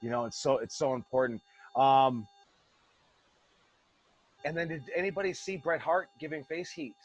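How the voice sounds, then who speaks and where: A man's voice: on the high side, normal speed, husky, dry recording. A man coaching wrestling students over a video call, rambling and passionate, swearing freely. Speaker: wrestling school head coach. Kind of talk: casual online class talk.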